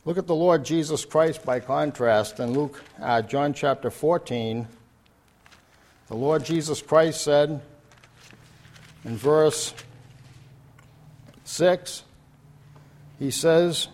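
A man's voice: fairly high pitch, animated, takes it slowly, long pauses, darkish tone. Earnest older man preaching a sermon. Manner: earnest, repetitive, rising to emphatic declarations.

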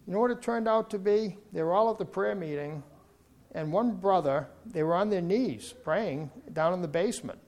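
Man, preacher, sermon, high-pitched, earnest, fervent emphasis. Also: moderate pace, a little mellow.

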